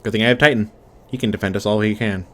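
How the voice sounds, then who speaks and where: A man's voice: fairly low pitch, fairly even intonation, racing. A man giving casual, self-deprecating gameplay commentary as the host of a let's play.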